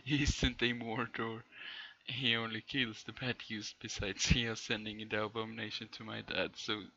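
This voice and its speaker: A man streaming, reading fan fiction aloud in a deadpan way and often breaking into laughter. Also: fairly low pitch, normal speed, creaky, muffled recording.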